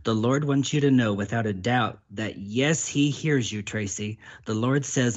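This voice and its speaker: A man's voice: medium pitch, moderate pace, few pauses, muffled recording. A man acting as a prophet, delivering prophetic words in an earnest, repetitive way and often speaking as God in the first person.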